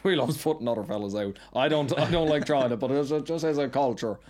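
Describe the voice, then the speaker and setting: A man with a Newfoundland accent, chatting casually as a podcast guest in a quick, rambling way, often tagging "right?" onto his sentences. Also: medium pitch, darkish tone. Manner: rapid, rambling storyteller with frequent "right?" tags. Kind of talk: casual chat.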